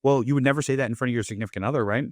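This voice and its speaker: A man in a middle register hosts his own podcast in a relaxed, rambling monologue. He keeps dropping "like" and "right?" as he goes. The recording is dry, with no room echo. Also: medium pitch, racing. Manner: loose, chatty, leans on "like" and "right?". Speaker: podcast host. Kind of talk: casual motivational monologue.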